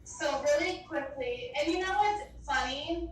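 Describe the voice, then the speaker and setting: Woman psychic medium, high pitch, chatty and affectionate, echoey line with faint background noise. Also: a little slow, far from the mic. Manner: chatty, affectionate, fills with "like", calls listener babe. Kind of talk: casual spoken reading.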